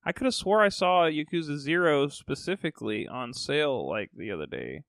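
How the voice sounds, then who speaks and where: A man's voice: fairly high pitch, very animated, normal speed, a bit bright, dry recording, clean studio sound. A man co-hosting a casual podcast, laid-back, swearing and using slang. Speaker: podcast co-host. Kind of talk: casual chat.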